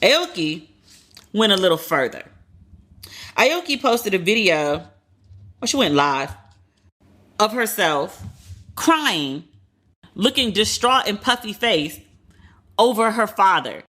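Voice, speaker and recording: A woman in her thirties hosts a pop-culture podcast. Her voice is bright and forward at an ordinary middle pitch. She talks candidly and profanely, fills her sentences with "like", and often retells what others said in quick quoted asides. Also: sing-song. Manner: candid and profane, heavy use of "like". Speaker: podcast host. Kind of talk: casual pop-culture commentary.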